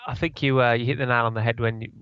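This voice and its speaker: Man, podcast co-host, halting, lots of fillers, flat delivery, dry dull sound. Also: mid-range voice, smooth, dry recording. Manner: halting, many fillers and restarts. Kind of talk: casual podcast chat.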